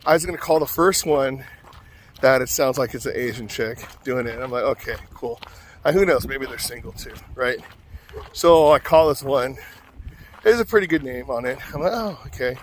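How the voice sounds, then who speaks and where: A man's voice: mid-range voice, moderate pace, slight background noise. A man vlogging, telling a rambling, self-mocking story full of fillers.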